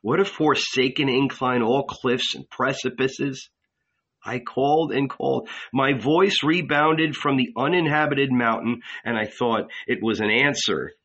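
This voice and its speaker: A man reading an audiobook, voicing a weary grown prophet who speaks in soft, tender murmurs. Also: medium pitch, a little slow, breathy edge, dull audio, voice pushed up.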